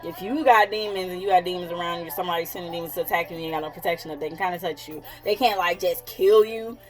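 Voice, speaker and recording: A woman in her thirties talks straight to camera as a psychic coach, in a slightly low voice. She is candid and blunt, swears freely and breaks into laughter often. Soft music plays faintly behind her. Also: fast talker, low-quality recording. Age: 30s. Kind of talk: casual vlog talk.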